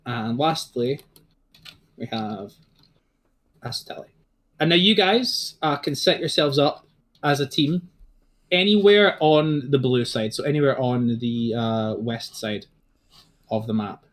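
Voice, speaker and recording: A man's voice: medium pitch, slow, long pauses. A man narrating a tabletop game as dungeon master, talking casually, swearing and prompting his players.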